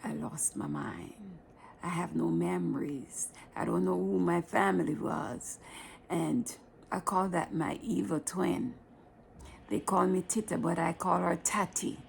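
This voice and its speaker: A Jamaican woman tells her own story for her vlog in a low, gravelly voice, taking her time over every line. She speaks plainly and often sinks into a breathy whisper. Faint noise hums under the recording. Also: steady tone, measured pace. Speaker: vlogger telling her life story.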